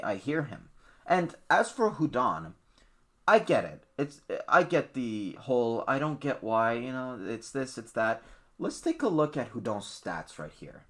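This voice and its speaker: A man hosting a sports podcast who rants bluntly about the topics he cares about. His voice is bright and sharp, and his pitch swings up and down a lot as he talks. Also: moderate pace. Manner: ranting, blunt, lively. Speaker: podcast host. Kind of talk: opinionated casual podcast talk.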